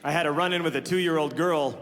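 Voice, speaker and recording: A man in his thirties performing stand-up comedy on a large theater stage, telling stories in an animated way with exaggerated voices for the people in them. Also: fairly high pitch, a little fast, background noise. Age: 30s. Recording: live hall reverb with crowd laughter.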